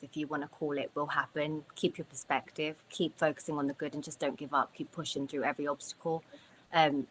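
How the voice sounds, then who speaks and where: Woman guest, very low pitch, forceful bright tone, motivational. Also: slight background noise, low-quality recording. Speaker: guest, award winner. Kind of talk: casual interview chat.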